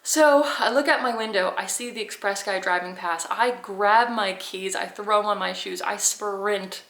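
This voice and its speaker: Young woman vlogger, rambling and chatty, gravelly edge, recorded in an echoey room. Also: mid-range voice, fairly even intonation, normal speed, fairly bright tone. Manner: chatty, rambling, laughs often. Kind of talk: casual storytelling to camera.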